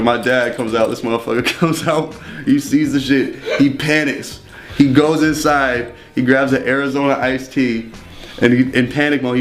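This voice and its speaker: A young man telling stories casually in an interview, swearing often and laughing between lines. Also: mid-range voice. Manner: profane, rambling, laughs often. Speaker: interview guest. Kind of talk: casual storytelling.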